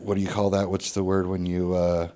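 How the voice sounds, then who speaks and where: A man's voice: deep voice, completely flat delivery, fairly quick, mellow, slight background noise. A man in his thirties talking casually as a podcast guest, loose and rambling, with many restarts and some swearing. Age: 30s.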